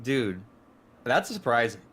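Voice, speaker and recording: A man's voice: medium pitch, very animated, slow, a bit bright. A man co-hosting a casual podcast, reacting to a story with laughs and short comments. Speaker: podcast co-host. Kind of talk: casual chat.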